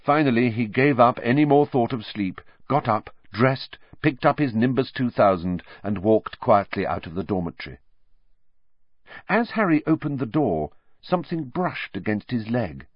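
Expressive male audiobook narrator, lowish voice, lively melody; dry, dull lo-fi recording. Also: normal speed, no room sound. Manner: expressive storytelling reading. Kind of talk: scripted narration.

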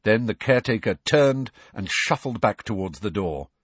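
Low, husky male storybook narrator. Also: animated, moderate pace, no echo. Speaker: audiobook narrator. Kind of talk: scripted narration.

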